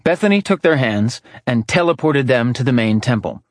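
A man's voice: mid-range voice, normal speed, dry recording, clean studio sound. A man narrating fiction in a scripted audiobook reading, switching between character voices. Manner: lively, character-voicing narration.

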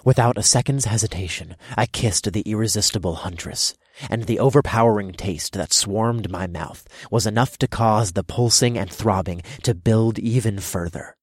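A man narrating a first-person erotic story in low, measured storytelling. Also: husky, dry recording, studio quality.

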